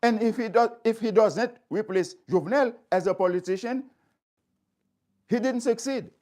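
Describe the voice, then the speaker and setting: Speaking at a moderate pace, this man from Haiti has a high-pitched, somewhat dark voice. As a community speaker, he talks straight to viewers with passion, hammering points through repetition.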